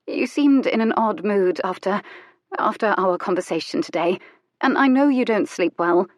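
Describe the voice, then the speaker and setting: A woman's voice: mid-range voice, lively intonation, normal speed, no echo, clean studio sound, close to an everyday voice. A woman voicing a flustered young noblewoman. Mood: defensive. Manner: breathless, anxious, pleading.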